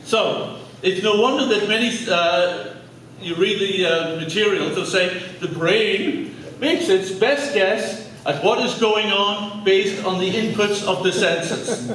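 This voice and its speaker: A man's voice: high voice, slow, a bit bright, a little hiss or hum. Irish man lecturing in an echoey hall. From Ireland. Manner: conversational, jokey asides with audience. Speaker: speaker giving a public talk. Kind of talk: lecture to a live audience. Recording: echoey hall, mic at a distance.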